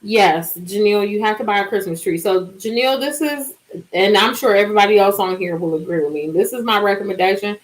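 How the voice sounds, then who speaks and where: A woman in her forties hosts a relaxed live stream and chats directly with her viewers. She tells her stories in an animated way and draws out words for emphasis. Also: mid-range voice, rough recording. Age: 40s. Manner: animated, chatty storytelling with drawn-out words. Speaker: livestream host.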